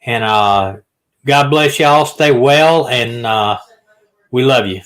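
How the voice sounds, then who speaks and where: A man, signing off as host in a relaxed, folksy way. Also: medium pitch, takes it slowly.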